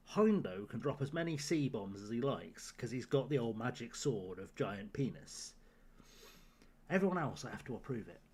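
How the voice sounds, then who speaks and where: A man's voice: mid-range voice, big pitch swings, normal speed, a little mellow, husky. A man streaming a game live, chatting to his viewers with sardonic, profane jokes. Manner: sardonic, profane joking to chat.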